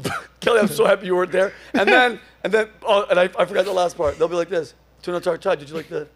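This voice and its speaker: A middle-aged man hosts a comedy podcast with a fairly high voice. He tells stories in an animated way, laughing and acting out what people said. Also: quick pace. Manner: animated, laughing, acts out quotes. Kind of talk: casual comedic storytelling.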